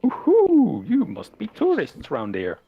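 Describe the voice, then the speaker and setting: A man's voice: sits high, wildly swooping pitch, measured pace, vocal fry, breathy edge, narrow, tinny audio, pitched above the performer's own voice, exaggerated voice. Man doing a cheery shopkeeper, eager, welcoming, raised voice. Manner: bright, chirpy and welcoming.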